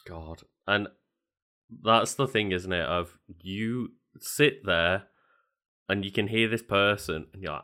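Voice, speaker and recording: A man co-hosting a casual chat, giving relaxed, wry comments. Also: sits low, slow. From Liverpool. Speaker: podcast co-host.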